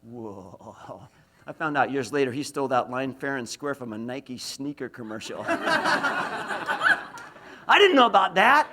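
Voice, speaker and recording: A man's voice: medium pitch, big pitch swings, moderate pace, pushed and bright. A middle-aged man from Idaho giving a university lecture, telling self-deprecating stories and throwing questions to the audience. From Idaho, USA. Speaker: motivational speaker.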